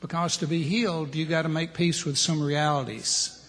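A man's voice: fairly high pitch, fairly even intonation, moderate pace, a bit bright, big-room sound. A middle-aged man preaching a plain-spoken sermon to men, listing his points one by one. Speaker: preacher at a men's ministry.

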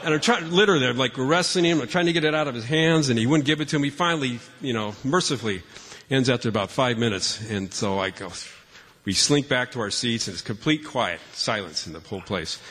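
A man's voice: mid-range voice, animated, a little fast, a bit bright, husky. Chuckling man telling stories in a hall. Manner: chatty and self-mocking, with frequent restarts and chuckles. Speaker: father telling family stories to an audience. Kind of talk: personal storytelling talk. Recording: long reverb from a large hall.

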